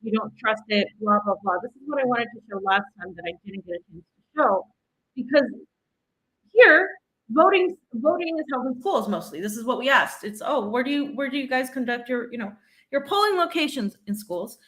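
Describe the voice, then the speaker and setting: A woman's voice: on the high side, animated, moderate pace, a bit bright, low-quality recording. A woman co-hosting a political commentary show who explains earnestly, with frequent fillers. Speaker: co-host.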